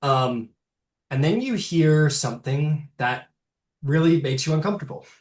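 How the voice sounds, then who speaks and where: A man's voice: fairly high pitch, animated, measured pace, a little mellow. A man narrating a tabletop game as game master, rambling loosely with fillers and swearing. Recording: roomy, distant mic.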